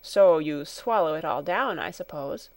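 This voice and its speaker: A woman reading a storybook, voicing a kind, calm male doctor who speaks in a gentle, soothing way. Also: low-pitched, measured pace, no room sound, voice pushed down.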